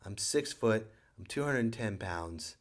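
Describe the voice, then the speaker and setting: A man hosting a podcast, telling a comedic story in an animated, exasperated rant. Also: fairly low pitch, slow. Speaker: podcast host.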